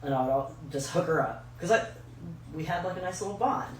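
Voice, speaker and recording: A woman's voice: lowish voice, fairly quick. A woman co-hosting a podcast, telling a story in casual chat with lots of swearing, acting out the people she quotes. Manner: animated, profane, acts out quoted voices. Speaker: podcast co-host. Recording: echoey room from far off mic, faint ambience.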